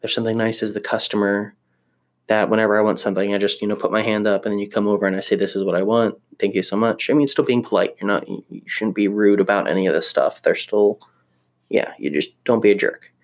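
A young man talks casually in a vlog, rambling and poking fun at himself. His voice sits a little low, and he often stops and restarts his sentences. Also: steady tone, quick pace. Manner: rambling, self-deprecating, many restarts. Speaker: vlogger living in Japan. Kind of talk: casual chat to camera.

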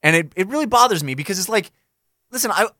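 Brief: a man in casual podcast banter, irritated and ranting; bright, animated voice. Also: high voice, fast talker, no room sound, studio quality. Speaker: podcast co-host. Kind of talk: casual chat.

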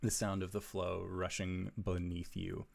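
A man running a tabletop game, unfolding the scene in a slow, measured, hushed storyteller's voice. His pitch is very low with a gravelly creak, and his delivery stays flat and even. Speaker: game master.

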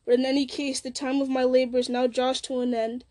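A wise old wizard speaks calmly and firmly, read aloud by a woman. The voice is high and clear, never raised. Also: fairly quick, lightly acted.

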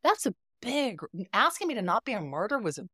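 A woman's voice: on the high side, sing-song, a little fast, bright, forceful tone, no room sound, clean studio sound. A middle-aged woman guest on a podcast, telling stories expressively and acting out quoted dialogue. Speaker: guest, therapist. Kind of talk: podcast conversation.

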